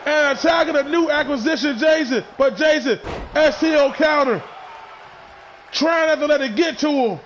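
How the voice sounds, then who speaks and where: Guy with a really high voice yelling wrestling play by play, excitable, faint noise behind. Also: moderate pace, some chatter behind. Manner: excitable, shouting calls, frequent restarts. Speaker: wrestling commentator. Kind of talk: play-by-play commentary.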